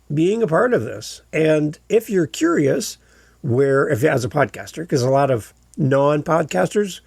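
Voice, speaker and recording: A man's voice: fairly high pitch, gravelly, darkish tone, husky, no echo. A man hosting his own podcast, talking casually and with enthusiasm, often restarting his sentences. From Canada. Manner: chatty and enthusiastic, with frequent restarts. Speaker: podcast host. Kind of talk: casual solo podcast talk.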